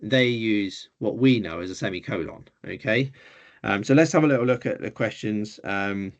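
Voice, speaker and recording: With a fairly low voice at normal speed, this Greek teacher leads a beginners' online language class informally, patient yet hesitant and full of ums. The recording has its highs cut off.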